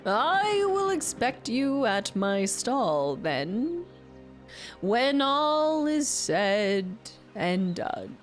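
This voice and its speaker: A woman voicing a worldly, mysterious traveling merchant while reading game dialogue aloud, drawing each phrase out slowly. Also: a little high, big pitch swings, faint music behind, heavily acted. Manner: slow, drawn-out theatrical delivery.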